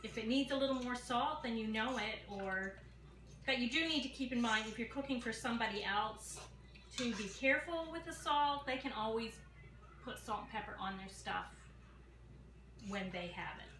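A folksy woman in her sixties chats to viewers as she cooks in her home kitchen. Her voice sits a little high. The camera mic picks up a roomy, echoey space with clear noise in the background. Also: normal speed. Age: 60s. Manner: chatty, folksy, talks straight to viewers. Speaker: home cooking vlogger. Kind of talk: casual cooking chat to camera.

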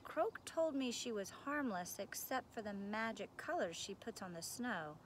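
A woman's voice: medium pitch, expressive, a little hiss or hum, natural voice. A woman reading aloud, voicing a brave, kind young girl in a storybook who talks earnestly and firmly. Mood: puzzled. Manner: earnest, firm, quick to question.

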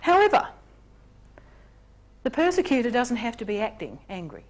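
A woman presenting a relationships workshop in an animated way, acting out examples in character voices. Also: a little high, moderate pace. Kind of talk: lecture on relationships.

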